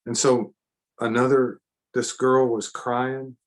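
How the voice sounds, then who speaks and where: Male seminar preacher, unhurried delivery, earnest and emphatic, circles back on words to drive a point home. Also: medium pitch, level tone. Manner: earnest, emphatic, repeats phrases for stress. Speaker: seminar speaker. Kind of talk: sermon-style teaching seminar.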